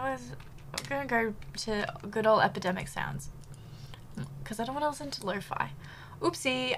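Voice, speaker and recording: A bubbly woman streamer chats casually with her viewers, giggling often and filling gaps with ums. Her voice sits a little high and sounds bright, and she is slightly out of breath. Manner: bubbly, giggly, chatty with many fillers. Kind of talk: casual live-stream chat.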